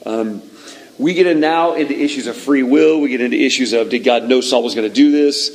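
A man preaching a sermon in a relaxed, conversational way, retelling a scripture story and acting out its moments. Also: medium pitch, fast, slight background noise, poor audio. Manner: conversational, animated storytelling that acts out the scene. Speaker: pastor.

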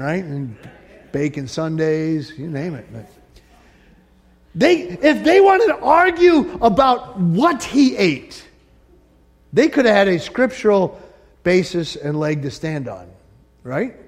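A male pastor preaching a sermon, animated and joking, acting out quotes from the story and the congregation. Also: high voice, normal speed, pauses often, big-room sound. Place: church sanctuary.

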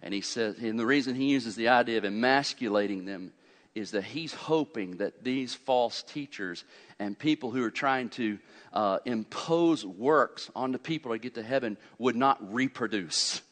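A man preaching a fiery sermon, swinging from loud urgent peaks to quiet low asides and asking his congregation questions. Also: normal speed. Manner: asks the congregation questions and answers them. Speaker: pastor. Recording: long hall reverb.

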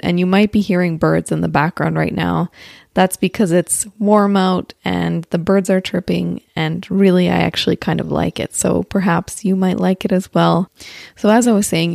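Female host, easygoing monologue, fry in a lowish voice. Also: darkish tone, dry recording, clean studio sound. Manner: chatty, laughs often, self-correcting. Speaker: podcast host. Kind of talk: casual spiritual monologue. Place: outdoors or near open window with birds.

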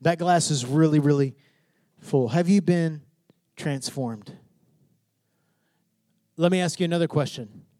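High-voiced man preaching a sermon. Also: measured pace, pauses often, mellow, no room sound. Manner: preaching with rising fervor, questions to the congregation. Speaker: pastor.

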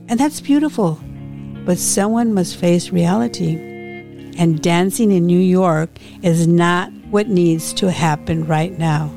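Woman reading as a calm young guy, gentle but firm, slow, low and gravelly. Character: earnest young man, gently firm and sensible.

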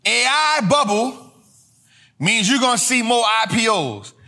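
High, lively man hammering home a point. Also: unhurried. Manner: emphatic and repetitive, drilling points home; slangy, animated delivery with bursts of shouting. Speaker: host. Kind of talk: street-style finance lesson.

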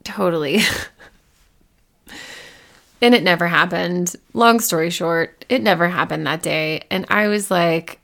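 A woman with a gravelly, medium voice hosts her own podcast and tells a personal story right to the listener. Casual and confessional, she acts out her past self and others in quick bits, shooting far up in pitch for excited moments.

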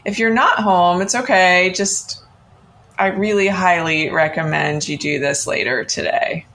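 Slow, gravelly-voiced woman guiding an exercise. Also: fairly low pitch, slight background noise. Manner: gentle and encouraging, coaching the listener. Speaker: podcast host. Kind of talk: guided self-love exercise.

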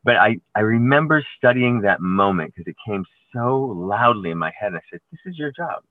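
A man with a very deep voice talks through his career in a loose, rambling interview way, circling back and restarting his sentences as he goes. The sound is thin and tinny, like a phone line, and completely dry with no room around it. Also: no room sound. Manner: rambling, halting storytelling with many restarts. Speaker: actor guest. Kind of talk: conversational interview.

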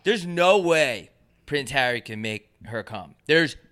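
Animated, ranting podcast co-host man. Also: slow. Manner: loud, animated ranting with big pitch jumps. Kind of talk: casual podcast banter.

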